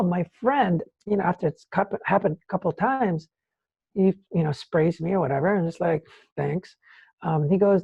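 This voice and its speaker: A man, a nonprofit founder, talking as an interview guest and acting out scenes in a lively, casual storytelling way. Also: high-pitched, normal speed, vocal fry, slightly rough, highs cut off. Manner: animated, acts out scenes, many "like"s.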